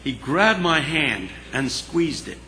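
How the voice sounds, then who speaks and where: Gravelly, forceful male storyteller. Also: a little high, slow pace. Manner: animated, dramatic storyteller. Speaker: speaker. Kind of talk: storytelling speech. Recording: long hall reverb, faint hiss.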